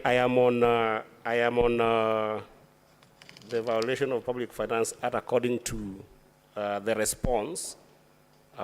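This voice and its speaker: A man, a senator questioning a witness at a formal hearing in a deliberate, formal way, often restarting his phrases. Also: mid-range voice. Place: committee hearing chamber.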